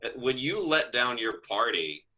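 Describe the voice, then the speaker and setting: Bright, lively-voiced comic riffing. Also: male voice, medium pitch, moderate pace, rough recording. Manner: wry storytelling riffs with lively asides. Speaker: podcast co-host. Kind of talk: casual comedy chat.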